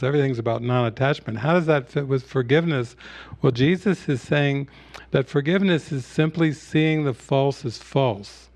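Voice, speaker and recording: A male spiritual teacher speaking at a middle, even pitch, unhurried and conversational as he tells a story. The recording is close and dry, with no room sound. His talk moves through scenes and teaching points in a calm, plain manner. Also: no echo. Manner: storytelling, retells scenes with acted quotes. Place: online retreat session.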